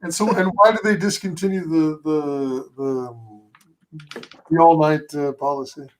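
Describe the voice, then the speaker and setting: A man with a fairly high voice hosts a relaxed podcast conversation. He asks questions and often pauses and restarts with fillers. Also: rough recording. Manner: hesitant, many fillers and restarts. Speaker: podcast host. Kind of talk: casual chat.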